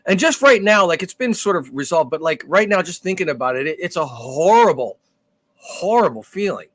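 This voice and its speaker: A man's voice: sits high, big pitch swings, brisk, a bit bright, no room sound. Profane storytelling man, dry close sound. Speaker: podcast co-host. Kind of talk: casual chat.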